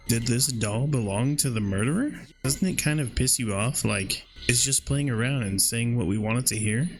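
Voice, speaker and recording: A man's voice: medium pitch, normal speed, hardly any pauses, soft background music. A man playing a horror game and reading its dialogue aloud, with casual, slangy reactions in between. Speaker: gaming video creator.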